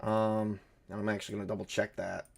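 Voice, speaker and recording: A man's voice: fairly low pitch, level tone, brisk, gravelly. A man narrating a solo tabletop game, thinking aloud and hesitating with many fillers. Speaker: game master and solo player.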